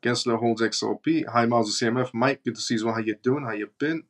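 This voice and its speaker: Speaking quickly in a mid-range voice, a crypto livestream host with a British accent reads out news and viewers' comments, bluntly mocking them.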